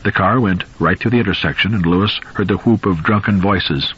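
A man reads a novel aloud in a measured, suspenseful way. His voice is deep and very husky, and the recording sounds slightly dull and lo-fi. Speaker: audiobook narrator. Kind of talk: scripted novel narration.

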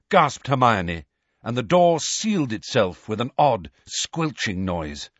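A man reading an audiobook aloud as narrator, with an expressive, dramatic delivery, in a dry, slightly muffled recording. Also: mid-range voice, slow, no room sound. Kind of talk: scripted narration.

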